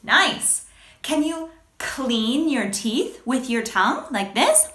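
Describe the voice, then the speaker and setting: Female teacher, very slow, bright lively delivery, echoey room. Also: sits high. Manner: slow, expressive, exaggerated sounds. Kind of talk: children's phonics lesson.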